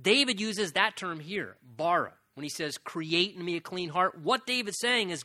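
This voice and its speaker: A man preaching with a bright, forceful voice that sits a little high for a man. He speaks earnestly, repeats phrases for emphasis and slows down on the key lines. The sound is dry and close, with no room echo. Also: lively intonation. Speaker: pastor. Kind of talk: sermon.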